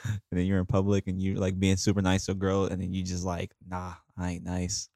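A man's voice: low-pitched, completely flat delivery, quick pace, vocal fry, warm tone, dry recording, clean studio sound. A young man on a podcast, laughing often and asking the others questions. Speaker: podcast co-host. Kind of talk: casual chat.

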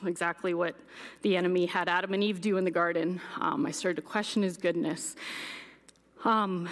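A woman's voice: mid-range voice, fairly bright tone. A young adult woman giving a candid personal testimony as a guest speaker, acting out her past words with animation. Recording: echoey hall reverb.

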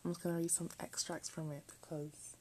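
A woman's voice: lowish voice, flat delivery, fairly quick, noisy background. A teenage girl chatting casually late at night in her bedroom, rambling and often dropping into half-whispers. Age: late teens. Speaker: vlogger.

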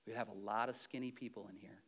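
A male pastor preaching an animated sermon, swinging between loud urging and hushed earnestness, with self-deprecating humor. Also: lowish voice, quick pace, breathy edge.

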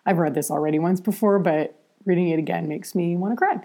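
A woman's voice: lowish voice, fairly even intonation, fast talker, few pauses, warm tone. A woman hosting a podcast in casual chat, blunt and candid, cursing freely and talking loosely with plenty of fillers. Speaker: podcast host.

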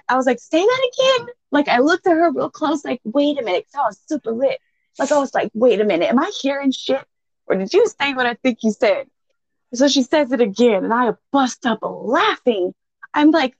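A woman's voice: mid-range voice, no echo. A woman in her thirties, a podcast co-host, telling a story in casual chat, full of swearing and laughter. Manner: profane, laughing, animated storyteller. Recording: dull, dry lo-fi sound.

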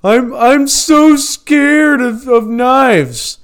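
A man voicing a panicky, germaphobic male fast-food coworker with a shrill, squealing, frantic voice. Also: smooth, full character voice. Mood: panicked.

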